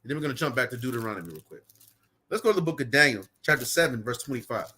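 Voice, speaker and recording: A male street preacher stands outdoors in cold weather, fervently reading scripture and peppering his sermon with repeated "man" and "right." His mid-range voice is sing-song and rapid-fire, with a sharp tone and a breathy edge.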